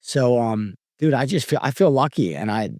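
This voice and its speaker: A man's voice: medium pitch, expressive, normal speed, darkish tone, no echo, studio quality. A man, a podcast guest talking candidly and reflectively about feeling lucky, full of "like" and "dude" and restarts. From Philadelphia. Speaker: guest, former pro fighter.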